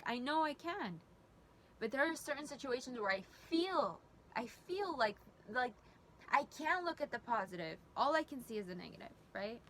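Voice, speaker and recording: A woman's voice: on the high side, fairly bright tone, a little hiss or hum. A young woman giving a heartfelt tarot reading, emotional and earnest, often restarting her sentences. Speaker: tarot reader.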